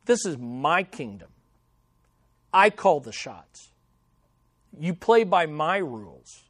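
Pastor putting on a growling mafia boss with a mock Italian accent, lower, slow. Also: male voice, big pitch swings, a bit bright, dry recording, studio quality, exaggerated voice. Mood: possessive. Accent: put-on Italian. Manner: low, snarling, possessive. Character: snarling mafia boss claiming his turf.

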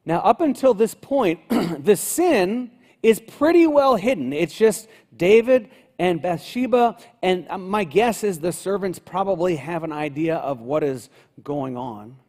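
Guy preaching a sermon, chatty, acts out the story bits, warm tone. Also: high voice, animated, measured pace. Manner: conversational preaching, acts out David's lines. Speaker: pastor.

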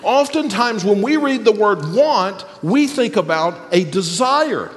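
A man preaching a sermon as pastor, emphatic and animated, with pauses for effect. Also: sits high, big-room sound.

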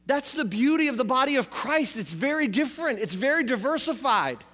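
A man with a strikingly high voice preaches a sermon to his congregation. He asks rhetorical questions and repeats phrases for emphasis. His voice carries a long echo through a big church hall. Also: sing-song, brisk, sharp tone. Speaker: pastor.

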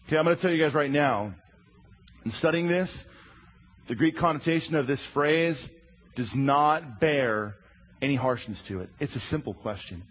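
A man preaching a sermon as a lively storyteller who acts out the quotes he tells. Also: on the high side, a little fast, slight background noise. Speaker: preacher teaching a Bible lesson. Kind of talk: sermon, drawing while teaching. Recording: dull lo-fi sound.

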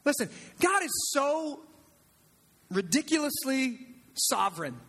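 High bright-voiced preacher swinging loud to hushed. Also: male voice, takes it slowly. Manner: animated, swings from loud shouts to hushed near-whispers. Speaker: pastor. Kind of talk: sermon.

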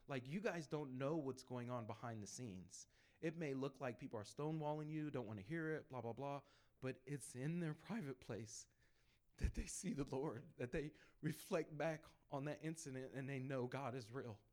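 Man, church testimony speaker, animated storyteller who plays every voice. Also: medium pitch. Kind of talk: conversational testimony to a group.

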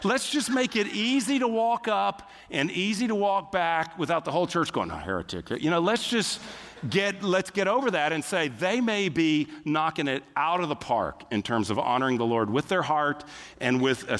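Lively pastor preaching in a reverberant hall. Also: male voice, on the high side, moderate pace. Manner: conversational, lively preaching with acted-out quotes. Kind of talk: sermon. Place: church sanctuary.

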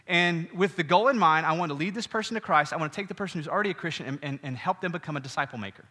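A middle-aged man preaches a sermon in a casual, animated way, tossing asides to his congregation. His voice is somewhat high and bright, and it rings with the long reverb of a church hall. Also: rapid-fire. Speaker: pastor.

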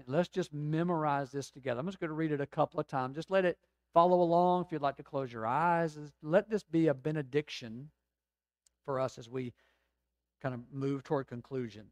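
Preaching man with a higher voice. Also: no echo. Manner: preaching with emphatic swells and quiet, slow reflective stretches. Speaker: pastor. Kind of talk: sermon.

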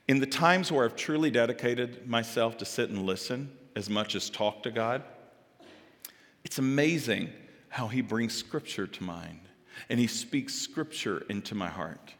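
A male pastor preaching a sermon, animated and dramatic, swinging from loud exclamations to hushed asides. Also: medium pitch, a little slow. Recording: echoey hall with long reverb.

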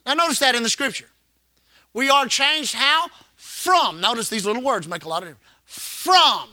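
A man's voice: very high voice, animated, moderate pace, bright, forceful tone, dry recording. A man preaching a sermon as pastor, repeating phrases and calling the congregation to respond. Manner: preaching with call-and-response and repetition.

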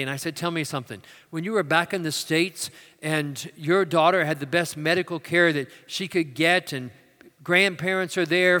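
A preacher with a bright, fairly high male voice delivers a sermon in a large church sanctuary. He moves between loud, emphatic declarations and quiet storytelling, with long reverb trailing his words.

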